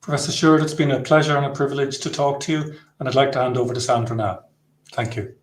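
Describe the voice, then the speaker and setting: A man's voice: medium pitch, fast talker, a little hiss or hum. A man with a courteous, appreciative manner, putting formal interview questions to a guest. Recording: echoey room.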